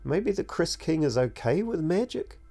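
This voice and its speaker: A man's voice: on the high side, very animated, moderate pace, mellow, pitched above the performer's own voice. A man voicing a curious, earnest young boy who asks lots of questions, as a storybook narrator. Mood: eager. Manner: eager, questioning, a little cheeky.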